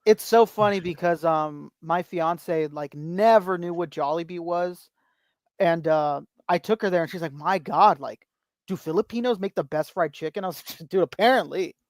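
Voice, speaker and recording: Animated, swearing male podcast guest. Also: a little high, moderate pace, no room sound. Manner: animated storyteller, swears freely, acts out quotes. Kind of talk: casual chat.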